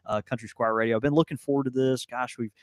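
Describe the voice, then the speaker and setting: A man's voice: mid-range voice, steady tone, fast, dry recording. A man co-hosting a live podcast, rambling and laid-back with many fillers, on a studio mic. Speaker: podcast co-host and shop owner. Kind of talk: casual live podcast banter.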